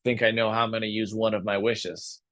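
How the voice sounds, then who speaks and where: Man doing a scheming king, lowish voice, pleased, dry close sound. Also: little pitch movement, fairly quick, a bit bright, no room sound, lightly acted. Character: self-serving scheming king, grown man.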